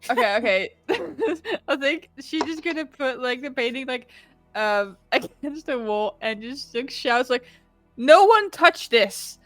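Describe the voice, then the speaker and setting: A woman's voice: high voice, a little slow, fairly bright tone, no room sound, soft background music. A woman player describing her character's actions casually, giggling and saying "like" a lot. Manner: giggly, filler-heavy.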